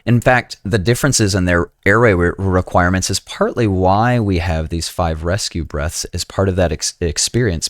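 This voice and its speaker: Deep-voiced man teaching a lecture. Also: no room sound, clean studio sound. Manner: conversational, with frequent "right?" asides and self-corrections. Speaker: EMS instructor. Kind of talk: recorded lecture.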